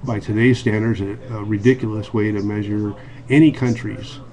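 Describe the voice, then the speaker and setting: A man's voice: lowish voice, fairly even intonation, moderate pace, a little mellow. Earnest man with restarts and ums. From United States. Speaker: video blogger. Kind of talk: casual monologue to camera.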